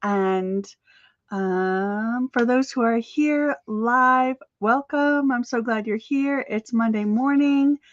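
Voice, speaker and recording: A woman's voice: fairly high pitch, slow pace, no echo, muffled recording. A woman coaching crochet sellers in a chatty, upbeat live stream, with fillers and little laughs. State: slightly out of breath.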